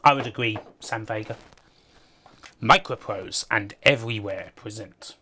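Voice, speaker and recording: A woman's voice: extremely low pitch, a little slow, pushed and bright. A woman giving casual live-stream commentary on games, sardonic and sweary, often laughing. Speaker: game streamer.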